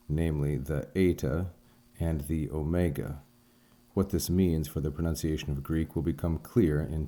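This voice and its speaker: A man teaching a recorded language lesson, explaining sounds and syllables one by one in a measured, careful way. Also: a bass voice, warm tone. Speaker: Greek teacher.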